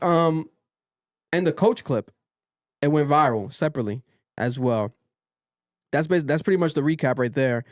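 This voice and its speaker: Animated man recapping gossip, higher voice. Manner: animated storytelling, swears freely, quotes people in raised voices. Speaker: podcast host. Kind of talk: casual chat recapping a reality show.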